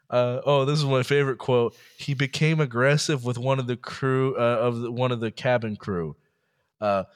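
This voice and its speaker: A man's voice: medium pitch, fairly even intonation, moderate pace, smooth. A man co-hosting a podcast, casually recounting odd news stories, laughing often and slipping into mock voices. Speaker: podcast co-host.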